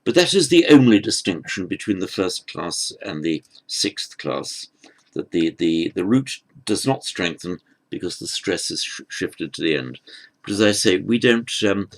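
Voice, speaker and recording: A man teaching Sanskrit grammar in an unhurried lecture, patient and halting, often restarting his phrases. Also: low-pitched, animated, creaky.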